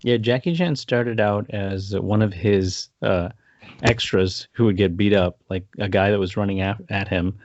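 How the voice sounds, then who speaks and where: On a casual film review podcast, a male co-host with a lowish voice and normal pace tells loose, rambling stories. He laughs often and acts out quotes. The recording is dry, with a dull lo-fi sound.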